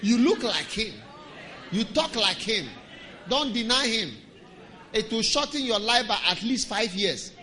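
A middle-aged man, preaching a sermon as pastor, emphatic and sometimes shouting. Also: high voice, lively intonation, unhurried.

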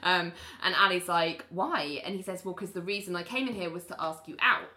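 Female podcast host, low and bright, chatty recapper who quotes every character. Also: a little fast. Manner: animated recapper, voicing characters' lines and laughing. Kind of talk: casual chat.

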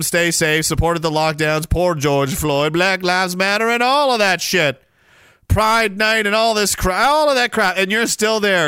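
A man's voice: high-pitched, sharp tone, smooth, no echo, clean studio sound. A man hosting a podcast, ranting in a sneering, mocking way. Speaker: podcast host. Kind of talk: ranting commentary.

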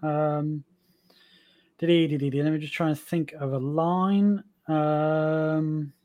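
Eager, slightly high-voiced man chatting. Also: steady tone, takes it slowly, a little mellow. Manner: enthusiastic, rambling with fillers. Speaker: podcast guest. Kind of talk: casual chat.

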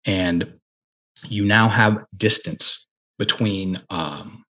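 A middle-aged man, a guest on a podcast, telling a coaching story on a headset mic, emphatic and slowing down to stress key words. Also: fairly low pitch, fairly even intonation, sharp tone. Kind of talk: conversational storytelling.

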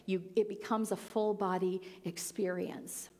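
A woman gives a spiritual talk, earnest and conversational, now and then playful. Her voice sits at a middle pitch and rings out with a long reverb, as if in a hall. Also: little pitch movement, unhurried, warm tone. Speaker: spiritual teacher. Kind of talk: sermon-style talk.

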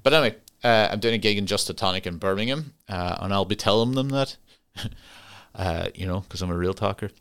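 A man's voice: fairly low pitch, fairly quick, fairly bright tone, clear, resonant tone. A young Irish man hosting a podcast alone, rambling and swearing casually, often laughing at his own tangents. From Ireland. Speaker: podcast host. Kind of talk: casual solo podcast chat.

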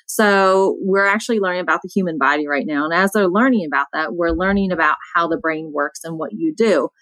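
Calm, low-voiced woman teacher. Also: brisk, dry recording, poor audio. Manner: calm, soft-spoken. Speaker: elementary school teacher. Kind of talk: panel discussion.

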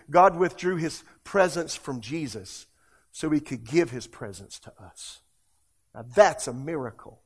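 A man preaching a sermon as pastor, emphatic, repeating words for stress and swinging between loud exclamations and hushed lines. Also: a little high.

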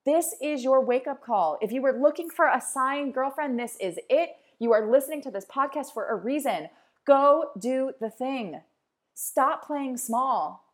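A woman's voice: sits high, expressive, a little slow. A woman in her thirties hosting a podcast, talking to listeners in an emphatic, repetitive pep-talk style. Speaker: podcast host. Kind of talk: motivational podcast monologue.

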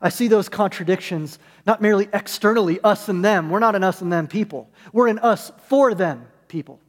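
Earnest high-voiced preacher in a reverberant hall. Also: male voice, a little fast. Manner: earnest, builds through repeated parallel phrases. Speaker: pastor. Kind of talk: sermon.

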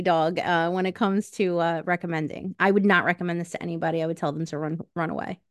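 A woman's voice: lowish voice, fairly even intonation, quick pace, few pauses, dry recording, studio quality. A woman co-hosting a book podcast, talking in a blunt, emphatic and slangy casual way. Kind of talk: casual chat.

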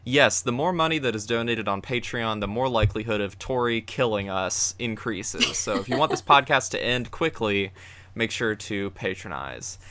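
A man's voice: lowish voice, animated, normal speed, bright, forceful tone, slight background noise. A man co-hosting a podcast about anime, chatting casually and upbeat as he plugs the show. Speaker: podcast co-host.

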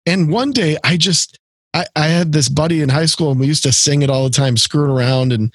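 Man, middle-aged, casual podcast chat, husky voice, rambling with fillers. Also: a little high, brisk, no echo. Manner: rambling, many fillers and restarts. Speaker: podcast co-host.

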